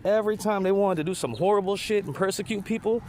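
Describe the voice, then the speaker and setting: A man's voice: sits high, quick pace, darkish tone, a little hiss or hum. Profane ranting man. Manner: heated, mocking, repetitive and profane. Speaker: podcast host. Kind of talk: profane political rant.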